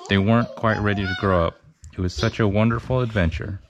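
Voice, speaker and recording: A man's voice: on the low side, fairly even intonation, a little fast, lo-fi sound, crowd noise, lightly acted. A man voicing a brave, polite young girl in a storybook read-aloud, earnest in tone.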